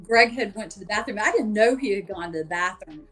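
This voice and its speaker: A woman guest in a podcast interview tells her story casually, circling back with fillers. Her voice sits in an ordinary middle pitch. A faint wash of music plays underneath. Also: animated, a little fast, fairly bright tone. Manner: chatty, many fillers, acts out quoted voices. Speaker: paranormal investigator guest.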